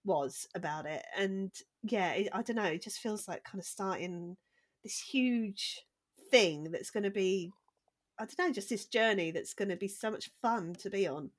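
A woman guest, a dialogue editor, chatting casually in a soft, giggly way. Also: medium pitch, moderate pace. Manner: soft-spoken, giggly, warm. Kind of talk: casual chat.

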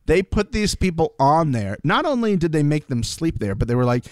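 A man co-hosting a casual recap podcast, telling stories in an animated way with frequent swearing. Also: on the high side, a little fast, hardly any pauses, clean tone, no room sound. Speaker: podcast co-host.

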